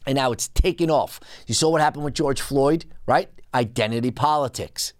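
A podcast host giving a political commentary monologue, ranting in an indignant, emphatic way with big swings in pitch. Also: moderate pace, no room sound, clean studio sound.

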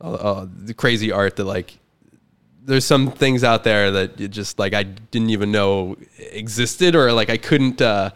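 Smooth-voiced man rambling casually. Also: fairly low pitch, a little slow, fairly bright tone. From Canada. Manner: rambling, filler-heavy storytelling. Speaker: podcast guest. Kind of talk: casual chat.

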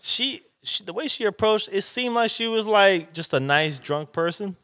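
A man in a casual chat, chiming in with short remarks and backing up a story with excitement. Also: high-pitched, moderate pace, clean tone.

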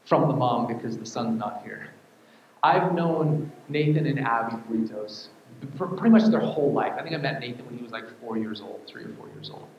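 A man's voice: mid-range voice, animated, normal speed, a little hiss or hum. A man preaching a sermon, repeating key words and building to fervent, almost sung emphasis. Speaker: pastor. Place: church. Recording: echoey hall, dull sound.

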